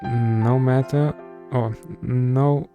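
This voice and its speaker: A man reading the slow inner thoughts of a tired, uneasy young woman office worker, with game music playing behind. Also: medium pitch, fairly even intonation, muffled recording, close to an everyday voice. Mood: weary. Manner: slow, drawn-out inner monologue.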